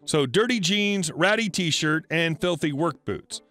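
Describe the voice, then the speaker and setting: A man narrating online stories in a scripted reading, with lively delivery. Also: a little high, a little slow. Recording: faint background music.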